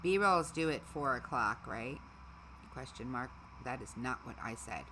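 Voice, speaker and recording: Chatty woman streamer, low lively voice. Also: measured pace, noisy background. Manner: chatty, talks to her gear and dogs. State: losing her voice. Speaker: livestream host. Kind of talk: casual livestream chat.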